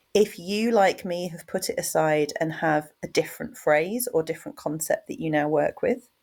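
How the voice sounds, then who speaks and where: A woman hosts her own podcast alone, speaking frankly and casually with the odd swear. Her voice sits a little low and has a gravelly, fry-tinged texture. She moves easily between animated points and quieter asides. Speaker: podcast host. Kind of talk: solo podcast monologue.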